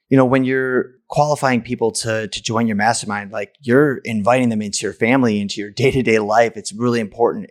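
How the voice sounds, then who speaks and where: Man telling a painful personal story. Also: on the low side. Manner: candid, emotional, with restarts and stammers. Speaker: podcast host.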